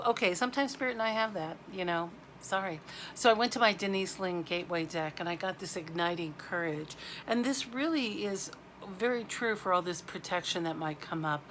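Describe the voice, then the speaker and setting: A woman giving a spiritual oracle card reading to camera, speaking in a halting, heartfelt way. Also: mid-range voice, a bit bright, a little hiss or hum.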